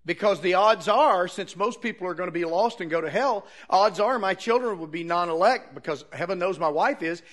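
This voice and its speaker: A man's voice: high voice, fairly quick, hardly any pauses, fairly bright tone. A man preaching a sermon, reading Bible verses aloud and arguing his point earnestly with rhetorical questions.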